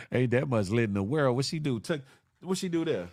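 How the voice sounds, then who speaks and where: A man's voice: mid-range voice, big pitch swings, normal speed, dry recording. A man hosting a live online show, chatting casually with viewers in a loose, joking way, full of slang and sound effects. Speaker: livestream show host.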